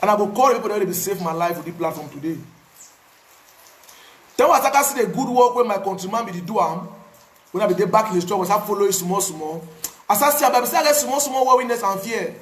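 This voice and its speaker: A man with a Cameroonian Pidgin English accent tells his own story in a casual, animated way, repeating words for emphasis. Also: sits high, fast talker, reverberant. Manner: animated, repetitive, pidgin phrasing. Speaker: activist.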